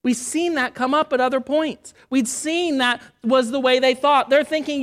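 A woman preaching a sermon. She speaks earnestly and stresses key phrases by slowing down. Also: high voice, steady tone. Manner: acts out the voices of people in the story.

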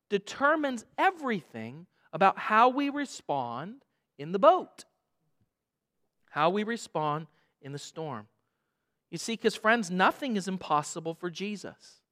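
Animated preacher with big swings. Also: male voice, very high voice. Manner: dramatic, swings from hushed to loud emphasis; repeats phrases for emphasis. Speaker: pastor. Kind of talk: sermon.

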